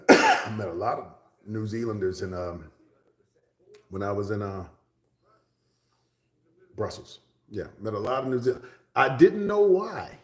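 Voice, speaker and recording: A man's voice: on the low side, unhurried, pauses often, fairly bright tone, echoey room. A man from Texas, chatting casually with livestream viewers, rambling along and dropping to a whisper for asides. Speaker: livestream host.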